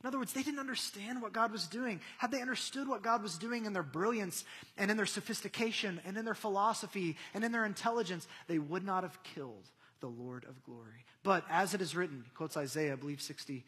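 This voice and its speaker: Young adult male pastor, conversational then emphatic sermon, bright husky voice, long hall reverb. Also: sits high, brisk. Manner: conversational, building to emphatic preaching. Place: church hall.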